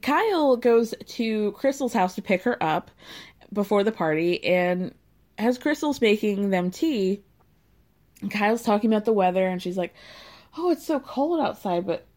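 A woman's voice: mid-range voice, lively intonation, measured pace, a little mellow. A woman in a casual, chatty recap, her tone sarcastic and gossipy. She keeps breaking into laughter and whoops as she picks apart what she saw. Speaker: podcast host recapping a reality show.

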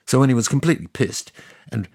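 An actor playing God as a sardonic narrator, telling the story in a scripted comic style with offhand asides. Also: male voice, mid-range voice, expressive, quick pace, creaky, a little mellow, breathy edge, no echo, clean studio sound. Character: God as a sardonic, boastful narrator, ageless man.

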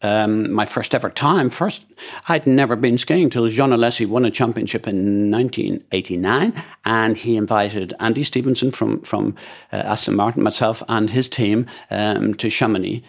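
A man's voice: fairly low pitch, moderate pace, vocal fry. An older man from Ireland co-hosting a podcast, telling stories in a rambling way with many fillers and restarts. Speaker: podcast co-host. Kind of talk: casual storytelling chat.

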